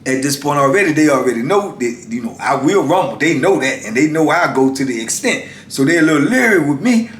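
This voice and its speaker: Animated middle-aged man telling a story. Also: fairly quick, hardly any pauses. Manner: animated, acts out shouted exchanges, slangy and emphatic. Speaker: former prisoner telling his story. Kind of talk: casual storytelling. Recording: echoey room with faint rumble.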